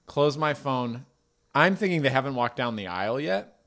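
A man's voice: medium pitch, expressive, normal speed, a bit bright. Rambling self-mocking man telling a story. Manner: rambling, self-deprecating, laughs through his own story. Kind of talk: casual storytelling chat.

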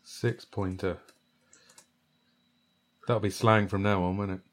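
A man's voice: on the low side, steady tone, takes it slowly. A man co-hosting a podcast, chatting casually, often second-guessing himself in a playful way. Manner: self-doubting, playful. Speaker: podcast co-host. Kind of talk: casual chat.

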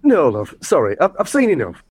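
A man's voice: a little high, huge pitch swings, fairly quick, a little hiss or hum. A man playing a harried, exasperated man directing a village nativity play in an audio comedy. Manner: brusque and exasperated.

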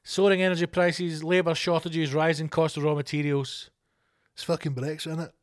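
A man's voice: a little high, steady tone, brisk, smooth. A Scottish man hosting a podcast, reading news items aloud and ranting about them in a sweary, exasperated way. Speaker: podcast host.

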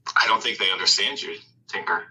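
A man's voice: lowish voice, brisk, bright, forceful tone, low-quality recording. A man playing a tabletop game, joking sardonically and laughing often. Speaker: player. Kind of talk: tabletop role-play banter.

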